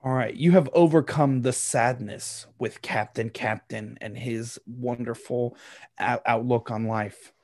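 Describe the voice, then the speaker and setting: A man's voice: mid-range voice, fairly even intonation, measured pace, darkish tone, no room sound. Playful man running a tabletop game. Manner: playful, rambling, with many fillers. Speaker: game master.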